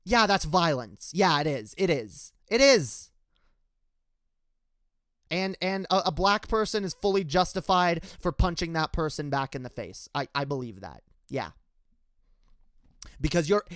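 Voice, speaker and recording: Heated, profane man ranting high-voiced. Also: fairly bright tone, no room sound. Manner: profane, heated, lots of stammered restarts. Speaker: political commentator. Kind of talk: casual ranting commentary.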